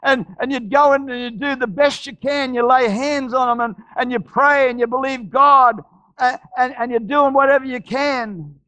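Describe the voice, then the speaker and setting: A man preaching a sermon as pastor, telling stories with frequent restarts and shouted climaxes. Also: very high voice, steady tone, moderate pace, dry recording. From Australia.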